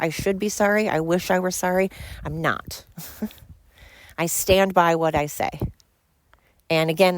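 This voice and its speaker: Swearing freely, a woman podcast host goes on a blunt, fired-up, opinionated rant. Her pitch is fairly low, and the recording is dry.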